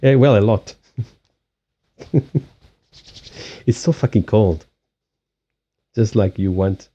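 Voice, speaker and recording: A man with a Southern African accent, a native Portuguese speaker, hosting a casual livestream chat, animated and freely swearing. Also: fairly low pitch, slow, breathy edge, dull audio. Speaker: card reader and livestream host. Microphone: USB headset mic.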